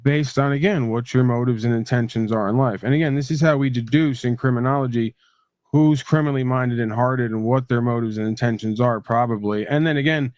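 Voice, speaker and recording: A man talks things through in a measured, reflective tone during a casual chat. His voice is mid-pitched. The recording is dry and close. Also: darkish tone, no echo. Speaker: podcast co-host.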